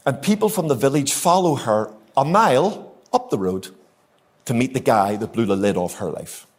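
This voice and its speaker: A man's voice: mid-range voice, big pitch swings, moderate pace. A man with a Northern Irish accent preaching a sermon to a church congregation, emphatic and repetitive, asking the room rhetorical questions. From Northern Ireland. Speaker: guest preacher. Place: church hall, live congregation.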